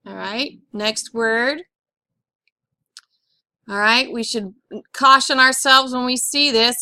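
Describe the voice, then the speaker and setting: A woman teaching a phonics lesson, spelling out letters one by one in a slow, deliberate way and clearing her throat now and then. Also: a little high, pushed and bright, dry recording. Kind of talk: classroom lesson on syllable accent.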